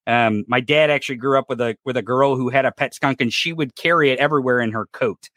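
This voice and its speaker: A man's voice: mid-range voice, fast, a bit bright, no echo, clean studio sound. A man hosting a casual comedy podcast, profane and joking, often laughing as he reads out odd laws. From American South or Missouri. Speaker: podcast host.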